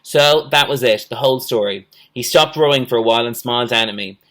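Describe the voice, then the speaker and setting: A male teacher reading a children's storybook aloud in a steady, measured way. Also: mid-range voice.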